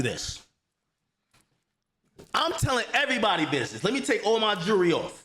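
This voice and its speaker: A man hosting a livestream, telling a heated story in an animated, profane, repetitive way. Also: sits high, moderate pace, pauses often. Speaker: livestream host.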